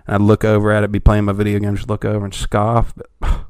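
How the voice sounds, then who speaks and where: A man's voice: on the low side, fast talker, clean tone, no room sound. A young man in casual chat with friends, joking and acting out scenes. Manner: joking, animated, acts out scenes.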